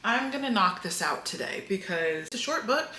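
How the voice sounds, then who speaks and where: A woman chatting casually to the camera at home, animated and playfully dramatic, talking to her viewers. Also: mid-range voice, normal speed, slight background noise. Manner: animated, self-mocking and dramatic. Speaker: book vlogger. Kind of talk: casual vlog chat. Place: at home, indoors. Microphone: camera mic.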